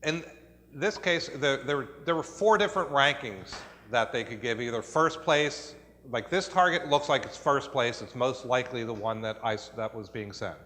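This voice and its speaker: A man's voice: mid-range voice, moderate pace, pushed and bright. Man presenting research in a reverberant hall. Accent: American. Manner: explanatory, with frequent fillers and restarts. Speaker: conference presenter. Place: conference hall.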